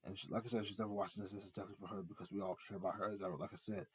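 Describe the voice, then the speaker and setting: A man's voice: sits low, little pitch movement, rapid-fire, slightly rough, no room sound. A man giving a rambling, earnest fan monologue, repeating himself and building up announcer-style reveals. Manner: earnest, heartfelt tribute. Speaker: art vlogger.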